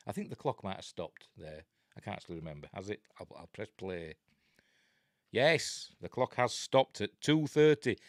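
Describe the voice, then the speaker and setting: A man's voice: fairly low pitch, expressive, moderate pace, no room sound, studio quality. A man with a Yorkshire accent, reviewing a horror film in a rambling, jokey way, full of ums and uhs. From Yorkshire, England. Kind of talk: casual film commentary.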